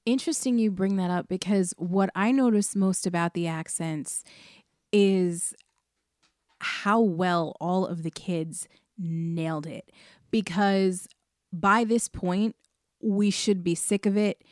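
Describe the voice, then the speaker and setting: Woman co-host from New York, calm and measured in debate, dry close sound. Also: on the low side, dry recording. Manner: measured, pushes back calmly. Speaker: podcast co-host. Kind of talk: casual review chat.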